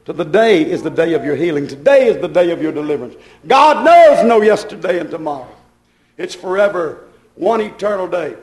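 A man preaching a sermon in a dramatic, rhythmic way that swells into shouts. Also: high voice, expressive, normal speed. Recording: echoey room.

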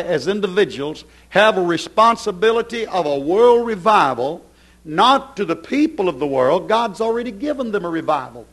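A man's voice: high voice, fairly bright tone. A man preaching a fervent sermon and reading scripture aloud, with rising and falling emphasis.

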